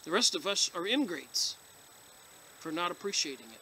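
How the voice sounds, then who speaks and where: Guy, high bright voice, reads a book out loud and comments, emphatic, faint crickets in the back. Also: sing-song, moderate pace, slight background noise. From United States. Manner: emphatic, gets emotional. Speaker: video blogger reviewing books. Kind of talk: reading aloud and commenting.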